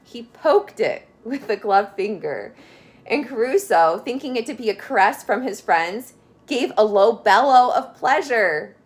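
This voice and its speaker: A woman's voice: a little high, animated, measured pace. A woman reading a children's chapter book aloud, adding friendly asides that explain words to young listeners. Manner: adds asides and explanations for kids. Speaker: storyteller.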